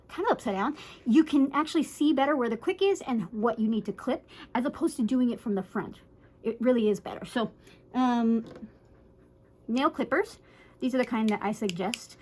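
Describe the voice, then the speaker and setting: Chatty dog groomer woman, fairly high voice. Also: a little mellow, low-quality recording. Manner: chatty, reassuring, often asks "right?"; playfully acts out a scared dog in quick voices. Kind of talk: casual how-to demonstration.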